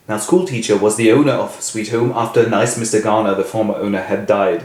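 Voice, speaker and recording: A man's voice: lowish voice, fairly even intonation, a little fast, hardly any pauses, a little mellow. A man casually retelling a novel as host, breezy with playful asides. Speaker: literature summary host. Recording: roomy echo.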